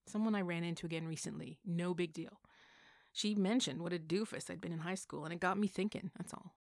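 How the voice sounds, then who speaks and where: A woman's voice: lowish voice, fairly even intonation, brisk, creaky, no echo, studio quality. A woman voicing a sheepish, easygoing young man who talks offhandedly with his twin sister in a storybook reading. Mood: offhand. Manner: offhand, earnest.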